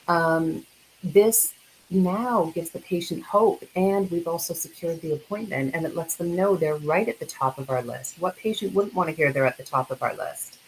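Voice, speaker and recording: A woman presenting in a webinar, earnest and a little halting, sometimes acting out phone scripts. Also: on the low side, a little hiss or hum, poor audio. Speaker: dental practice consultant speaker.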